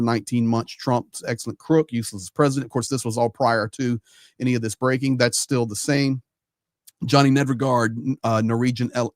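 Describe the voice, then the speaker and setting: A man hosting a live stream, chatting casually and reading out viewer messages with quick asides. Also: mid-range voice, no room sound, studio quality. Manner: chatty, rambling, reads out names with quick asides. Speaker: livestream host.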